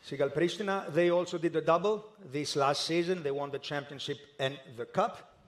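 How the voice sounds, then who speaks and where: A man with a somewhat high voice presents a live draw ceremony indoors. He talks in a formal, methodical way and pauses now and then with a small hesitation. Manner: measured and methodical, with occasional hesitations.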